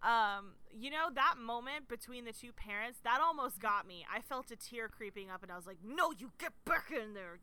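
A woman with a bright, clean, smooth voice, chatting casually about a film. She talks a little higher than average, playful and self-deprecating, with frequent laughter. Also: animated, normal speed, few pauses. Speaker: podcast co-host. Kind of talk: casual chat about a movie.

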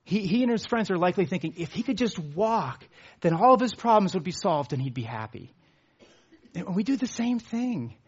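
A man preaching a sermon, earnest, rising in emphasis and then dropping low on his key words. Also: big pitch swings, moderate pace, breathy edge, muffled recording. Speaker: pastor.

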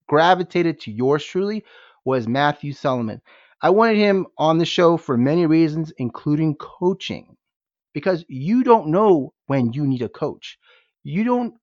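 A man's voice: on the high side, no room sound. Hyped man hosting a podcast. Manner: hyped, exclamatory, rhetorical questions to listeners. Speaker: podcast host. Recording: dull, dry lo-fi sound.

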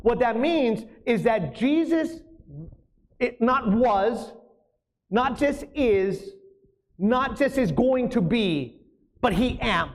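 High-voiced man preaching a sermon. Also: lively intonation, slow pace, long pauses. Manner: emphatic, asks the congregation questions. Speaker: pastor.

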